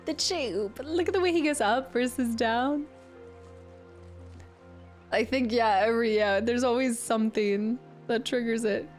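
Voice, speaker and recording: A woman streamer giving live gameplay commentary, excitable and laughing often. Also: a little high, unhurried, pauses often, faint music behind. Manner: excitable, laughs often, breaks into play-voices.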